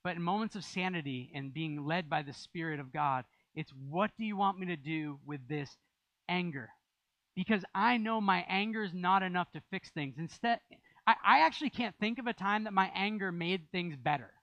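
A man's voice: high-pitched, fairly quick, a bit bright, no echo, lo-fi sound. A man preaching a sermon as pastor, in a conversational style with rising emphasis.

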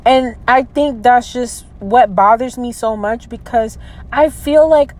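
A woman in her early twenties venting in a personal vlog. She talks hesitantly, with many fillers and trailing restarts, and sounds low and close to tears. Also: slow pace, a little mellow, low-quality recording. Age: 20s. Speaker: vlogger.

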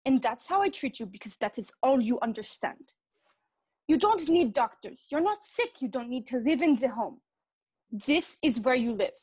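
A woman's voice: sits high, a little mellow. An actress playing a stern, cold elderly mother who talks in a curt, scolding, commanding way. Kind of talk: stage drama acting.

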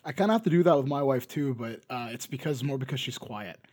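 A man's voice: medium pitch, animated, fast, darkish tone. A man with a Canadian accent co-hosting a podcast in casual chat, rambling and restarting his sentences. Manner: rambling, restarts often, laughs between remarks. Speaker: podcast co-host.

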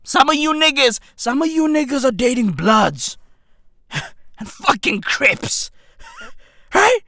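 A man doing a profane comedic rant in a mock-outraged tone, shouting at times. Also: takes it slowly, no room sound. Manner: animated, swearing, exaggerated mock outrage, repeats "bruv"; breaks into shouts and squeaky high-pitched bursts.

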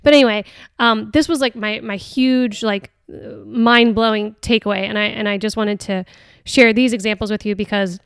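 A woman's voice: mid-range voice, fairly even intonation, moderate pace, smooth, dry recording, studio quality. Earnest, hesitant woman podcaster. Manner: hesitant, many restarts and "like" fillers; earnest and chatty. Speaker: podcast host. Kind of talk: casual reflective talk on a book.

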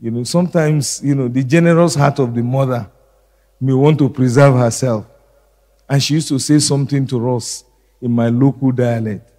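A middle-aged male pastor preaching a sermon slowly and deliberately, repeating key phrases. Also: medium pitch, steady tone, warm tone, long reverb tail.

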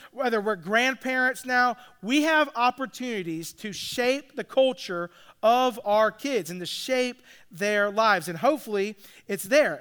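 Pastor guy, smooth clear voice, loose chatty sermon with lots of restarts. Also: extremely high pitch, sharp tone. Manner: conversational preaching with asides and restarts.

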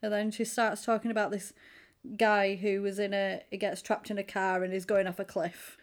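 A woman's voice: medium pitch, little pitch movement, moderate pace. A woman chatting casually, retelling a film scene by scene with frequent laughter. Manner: chatty, giggly storyteller who acts out quotes. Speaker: podcast co-host. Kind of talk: casual chat recapping a film.

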